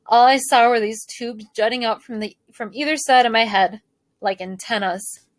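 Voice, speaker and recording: A woman teacher reading a novel aloud to a class in a clear, steady storytelling voice. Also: a little high, normal speed, dry recording.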